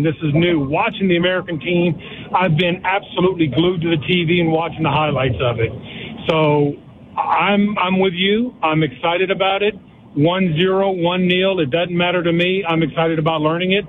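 Over a tinny phone line with background noise, an older male caller speaks eagerly and earnestly to a sports radio show, saying things more than once. His voice sits high and his speed is normal.

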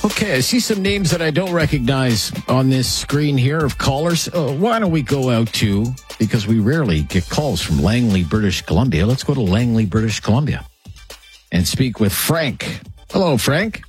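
A man hosting a call-in radio talk show, taking calls in a relaxed, conversational way. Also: mid-range voice, normal speed, soft background music.

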